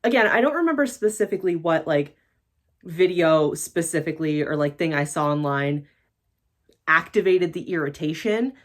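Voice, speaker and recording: A woman from the United States talking casually and bluntly to her camera, swearing freely in a vlog rant. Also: normal speed. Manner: blunt, swearing, animated swings in pitch. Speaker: YouTuber.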